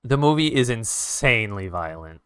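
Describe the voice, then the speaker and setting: A man streaming live, retelling a movie plot in a casual, swearing, animated way with sound effects. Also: lowish voice, moderate pace, clear, resonant tone, dry recording, studio quality. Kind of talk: casual storytelling while drawing on stream.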